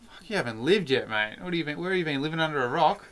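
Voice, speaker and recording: A man's voice: on the high side, lively intonation, very fast, fairly bright tone. A young Australian man with an Australian accent, co-hosting a podcast in casual chat, poking at his mate's ideas with dry, teasing questions. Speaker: podcast co-host.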